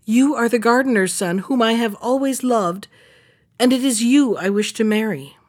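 A woman's voice: a little high, normal speed, close to an everyday voice. A woman reading the lines of a loving young princess in a fairy tale, earnest in tone.

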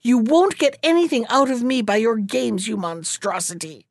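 A woman's voice: on the high side, normal speed, dry recording, studio quality, close to an everyday voice. A woman voicing a middle-aged market woman who angrily drives away a stranger in a storybook reading. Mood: scornful. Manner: angry, scornful.

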